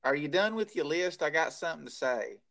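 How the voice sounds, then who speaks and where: A man's voice: on the high side, animated, a little fast, gravelly, a bit bright. A man co-hosting a podcast, bantering in a dry, teasing way. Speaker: podcast co-host. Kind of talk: casual chat.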